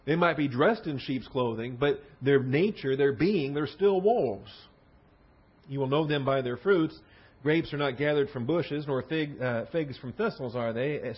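Husky man teaching a sermon. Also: mid-range voice, highs cut off. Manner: repeats words for emphasis, many restarts. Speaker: Bible teacher. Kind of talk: verse-by-verse sermon.

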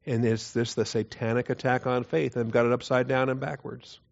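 A man's voice: medium pitch, level tone, moderate pace, vocal fry. Earnest male Bible teacher, lo-fi sound. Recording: dull lo-fi recording.

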